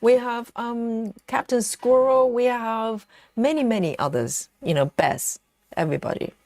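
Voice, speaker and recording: A woman hosting a relaxed live stream from home, chatting with viewers and reading their comments aloud, with plenty of ums and you-knows. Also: a little high, measured pace, no room sound. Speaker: livestream host. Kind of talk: casual live chat while stitching.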